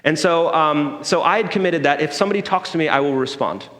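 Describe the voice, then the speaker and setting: A man preaches in a conversational way, telling a story and checking in with the congregation as he goes. His voice sits a little high for a man, and it rings out with a long church-hall reverb. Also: fast talker, a bit bright. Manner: conversational, checks in with the room by asking "okay?". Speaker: pastor. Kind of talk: sermon with personal story. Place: church sanctuary.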